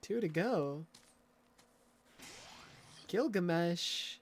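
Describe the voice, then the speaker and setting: A man's voice: sits high, lively intonation, drawn-out words, a little hiss or hum. A young man streaming a video game live, ranting and swearing in frustration at his character. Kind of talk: live gameplay commentary.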